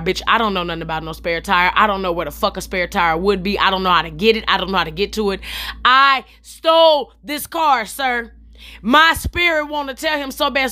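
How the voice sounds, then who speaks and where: A young adult woman telling a story in a vlog, in an animated, profane and sassy way, talking straight to her viewers. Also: fairly high pitch, normal speed. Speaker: comedian telling a story while styling her hair.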